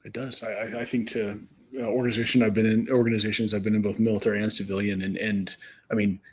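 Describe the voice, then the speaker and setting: Husky-voiced middle-aged man telling stories. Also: on the low side, little pitch movement, fast. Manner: repeats words as he restarts, tells anecdotes with quoted dialogue. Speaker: podcast host. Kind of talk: conversational storytelling.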